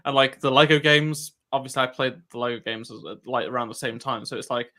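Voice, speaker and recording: A man in his twenties talking in a casual podcast chat, halting and restarting words. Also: medium pitch, steady tone, bright, forceful tone. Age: 20s.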